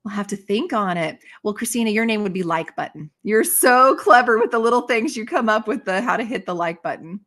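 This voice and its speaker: A woman hosting a casual live stream, chatting brightly and reacting to viewer comments. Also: mid-range voice, expressive, fairly quick, few pauses. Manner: bubbly, reads viewer comments aloud. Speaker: livestream host.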